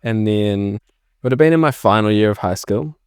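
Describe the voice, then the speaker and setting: A young man with a New Zealand accent talks through his story as a podcast guest, voicing past conversations with lively emphasis. His voice sits fairly low, and the sound is dry and close. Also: a little fast, smooth, no room sound. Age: young adult. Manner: animated storyteller acting out remembered exchanges. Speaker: filmmaker guest. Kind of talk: casual podcast interview.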